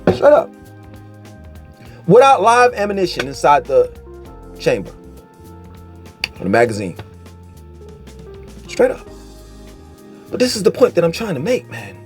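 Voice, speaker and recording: Man, high-pitched, swooping intonation, casual vlog rant, profane, mocking. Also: huge pitch swings, a little slow, long pauses, soft background music. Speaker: vlogger.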